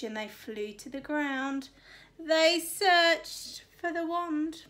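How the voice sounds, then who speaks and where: High-voiced woman reading a storybook. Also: fairly bright tone. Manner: rhythmic, sing-song rhyming delivery. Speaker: teacher reading to children. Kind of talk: expressive storybook read-aloud.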